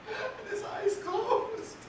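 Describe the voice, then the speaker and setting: An actor playing a grief-stricken young man mourning his little brother in a stage monologue, halting with broken repetitions that swell into shouting. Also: very high-pitched, noisy background, exaggerated voice. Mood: anguished. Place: theatre stage. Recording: echoey theatre from far off.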